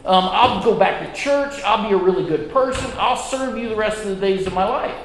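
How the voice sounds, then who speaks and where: A man doing a panicky man yelling for help, voice jumping high. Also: brisk, slight background noise. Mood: desperate. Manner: desperate shouting pleas. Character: panicked man clinging to a cliff branch. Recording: echoey hall reverb.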